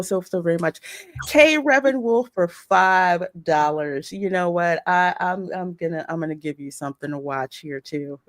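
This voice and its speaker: A woman hosting a livestream podcast, bubbly and quick to laugh. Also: fairly low pitch, dry recording. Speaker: podcast host. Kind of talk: livestream chat.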